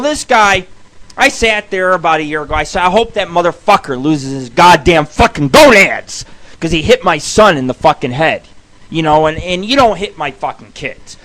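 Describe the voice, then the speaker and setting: A man hosting his own radio show, telling rambling, profane stories with sudden shouted bursts. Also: a little high. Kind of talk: profane storytelling monologue.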